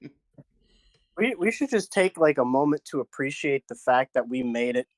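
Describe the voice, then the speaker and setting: A man's voice: mid-range voice, lively intonation, moderate pace, no room sound. A man co-hosting a toy show, chatting casually and reacting with mock protest and laughter. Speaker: co-host. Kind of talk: casual comedic chat.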